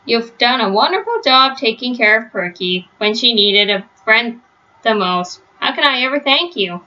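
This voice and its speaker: A fussy, doting lady dog owner from a storybook, as a woman reads her. She gushes in a high, bright voice. The home recording is muffled. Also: expressive, normal speed.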